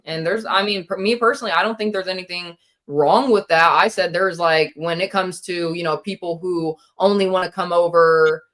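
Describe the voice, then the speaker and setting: A woman hosting a casual stream chat, talking in a relaxed, reassuring way. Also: on the low side, normal speed. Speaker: streamer host.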